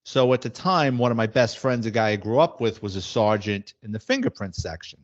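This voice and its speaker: A middle-aged former police detective, casually telling wisecracking anecdotes in a blunt way. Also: male voice, fairly low pitch, expressive, brisk. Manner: blunt, wisecracking, acts out quoted dialogue. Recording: slightly muffled audio.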